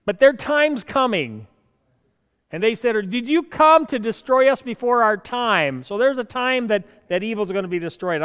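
Male preacher, lively sermon delivery, loud bursts and soft asides, smooth voice, hall echo. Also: fairly high pitch. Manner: animated, swinging between loud urgent bursts and quiet asides, chuckling.

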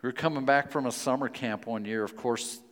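Male preacher, anecdotal and playful, mid-pitched, long church reverb. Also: fairly quick. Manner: storytelling, playful, then hushed and earnest in prayer. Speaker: pastor. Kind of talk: sermon.

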